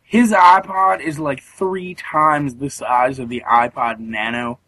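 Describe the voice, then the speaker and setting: A man's voice: medium pitch, fairly even intonation, slow, pushed and bright, dry recording, poor audio. A young man in his twenties co-hosting a casual podcast over a remote call, telling a story with lots of swearing and mimicking other people's voices. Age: 20s. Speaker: podcast co-host.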